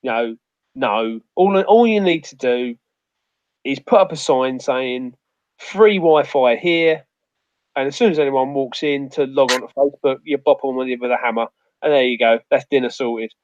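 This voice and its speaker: A man's voice: mid-range voice, moderate pace, darkish tone, no room sound. A man with a rambling, sweary storytelling manner in a casual outdoors chat. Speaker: outdoors guest. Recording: muffled dry audio.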